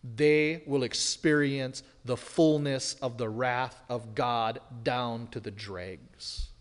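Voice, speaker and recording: A man preaching an expository sermon as pastor, emphatic, swinging from loud declarations to hushed, serious lines. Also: medium pitch, fairly even intonation, slow pace, clear, resonant tone. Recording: long hall reverb.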